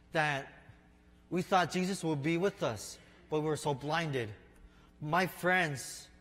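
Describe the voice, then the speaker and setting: A man preaching a sermon in an unhurried storytelling way, speaking to listeners as his friends. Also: fairly high pitch, fairly bright tone. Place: church sanctuary. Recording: long reverb of a large hall.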